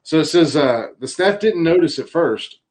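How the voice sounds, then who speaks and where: A man's voice: fairly high pitch, expressive, moderate pace, darkish tone, slight background noise, rough recording. A middle-aged man hosting a podcast in casual chat, wry and laid-back, swearing and reading out news stories. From Johnstown area, Pennsylvania. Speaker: podcast host.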